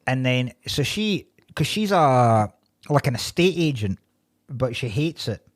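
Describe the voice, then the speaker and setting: A man's voice: mid-range voice, very animated, measured pace, no echo. A man co-hosting a comedy podcast, recapping a film plot in a laid-back, dry way. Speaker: podcast co-host. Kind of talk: casual comedic film chat.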